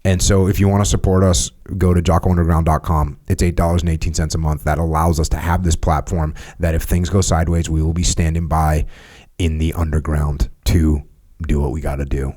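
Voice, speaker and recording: A man's voice: extremely low pitch, flat delivery, fairly quick, hardly any pauses, mellow. A man hosting a podcast, talking bluntly and casually, reading sponsor plugs and teasing his guest. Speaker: podcast host. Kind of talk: casual podcast chat with ad reads.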